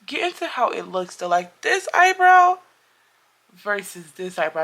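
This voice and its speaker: A woman's voice: mid-range voice, very animated, unhurried, vocal fry, fairly bright tone. A woman doing a casual makeup review and storytime, chatty and emphatic, repeating herself and talking straight to her viewers. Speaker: beauty vlogger.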